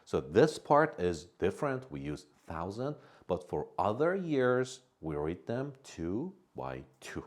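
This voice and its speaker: A man teaching English to beginners, patiently saying each word slowly and repeating it for learners to copy. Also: fairly low pitch, sing-song. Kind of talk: slow, step-by-step language lesson.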